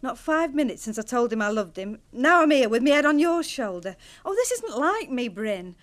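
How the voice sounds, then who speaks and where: A wife caught between loyalty and longing. Her voice sits high and swings widely as she pleads and hesitates, emotional but steady in intent. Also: normal speed. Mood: upset. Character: torn married woman ending an affair. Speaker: actor in a TV drama.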